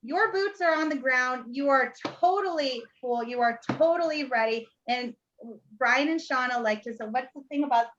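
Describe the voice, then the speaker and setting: A woman's voice: sits high, normal speed, fairly bright tone, muffled recording, slight background noise. A woman co-hosting a casual talk over a video call, telling a testimony with laughter and playful energy. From Ohio. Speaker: co-host sharing a testimony. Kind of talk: casual storytelling chat.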